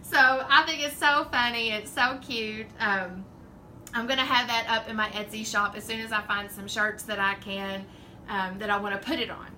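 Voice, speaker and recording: Southern lady rambling on her craft livestream, bright voice, little room hiss. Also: on the high side, fairly even intonation, normal speed, low-quality recording. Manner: chatty, rambling, laughs often. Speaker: craft channel host. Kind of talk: casual live-stream chat.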